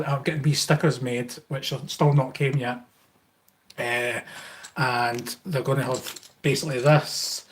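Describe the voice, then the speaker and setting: A man's voice: medium pitch, a bit bright. A middle-aged Scottish man hosting a live Q&A stream, talking in a rambling way with many fillers and restarts as he thanks viewers. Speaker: YouTube channel host.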